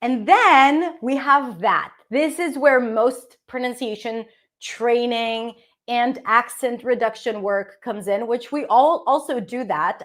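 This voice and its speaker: An Israeli-accented woman, a native Hebrew speaker, walks learners through English pronunciation and fluency. Her voice sits a little high, and she keeps checking in with "okay?" and "right?" as she explains. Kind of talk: teaching presentation.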